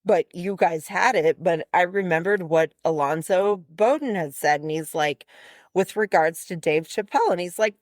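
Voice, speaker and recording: A woman's voice: on the low side, normal speed, darkish tone, dry recording, studio quality. A woman co-hosting a podcast, telling a story in a casual chat and acting out both sides of the conversation. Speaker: podcast co-host.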